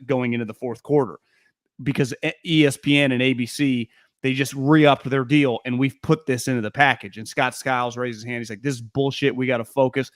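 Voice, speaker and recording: A man hosting a casual sports talk show, telling stories in an animated way with quick asides. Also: medium pitch, no echo, clean studio sound.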